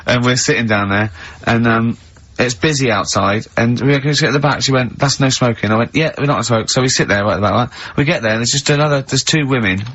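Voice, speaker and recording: A man hosting a radio show, telling stories in lively banter and acting out the other people's lines. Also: medium pitch, fast talker. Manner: animated storyteller who acts out other people's lines. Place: radio studio. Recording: lo-fi radio recording.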